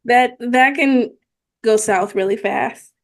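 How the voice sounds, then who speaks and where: A woman guest in casual chat, speaking in a measured, hesitant way. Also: fairly high pitch.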